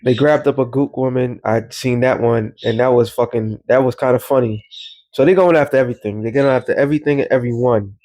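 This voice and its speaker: A man's voice: medium pitch, fairly quick, a little mellow. New guy rambling through a casual commentary vlog, loose street talk. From New York. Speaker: religious commentator.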